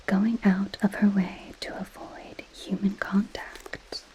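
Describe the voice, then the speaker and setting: A woman's voice: medium pitch, level tone, slow, warm tone, low-quality recording. A woman in a whispered role-play as a possessive goth girl friend, reading a book aloud and mocking it with dry sarcasm. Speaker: ASMR creator.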